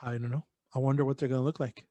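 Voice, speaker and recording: A man's voice: medium pitch, fairly even intonation, racing, warm tone, dry recording. A man co-hosting a podcast, chatting casually and rambling, swearing freely and slipping in bits of Spanish slang. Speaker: podcast co-host. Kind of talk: casual chat.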